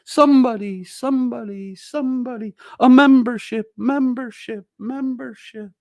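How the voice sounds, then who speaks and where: A man's voice: very high-pitched, measured pace, vocal fry, dry recording, pitched above the performer's own voice, exaggerated voice. A man voicing a whiny young woman who keeps pleading to buy a membership, repeating every word. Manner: repetitive, pleading, sing-song.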